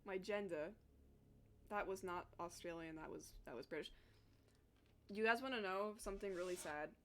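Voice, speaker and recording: A woman's voice: on the low side, fairly quick, slight background noise. A young woman chatting casually with her live chat while she draws, talkative and self-deprecating, swearing freely. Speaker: streamer drawing live.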